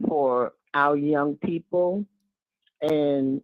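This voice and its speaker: A woman calling in to a radio show, speaking heartfelt and casual, with warm asides and repeated words. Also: sits low, fairly even intonation, very slow, no room sound. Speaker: caller. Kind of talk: casual call-in talk. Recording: tinny phone line.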